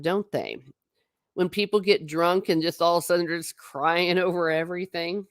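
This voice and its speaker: A woman hosts a casual stream, musing aloud and reading viewer comments between laughs. Her voice sits a little low for a woman. The sound is dry and close, with no room around it. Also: moderate pace, dry recording. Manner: chatty, rambling, laughs often. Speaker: livestream host reading chat. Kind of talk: casual livestream chat.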